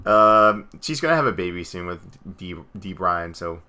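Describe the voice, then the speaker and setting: A man co-hosting a casual podcast chat, rambling excitably with frequent asides. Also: sits low, moderate pace. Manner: rambling, excitable, slips into goofy impressions. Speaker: podcast co-host.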